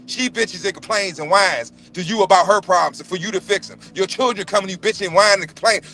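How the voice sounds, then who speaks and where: A man's voice: sits high, brisk, hardly any pauses, sharp tone. A man on a livestream panel, giving a heated, profane, blunt rant and repeating himself for emphasis. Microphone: remote livestream call.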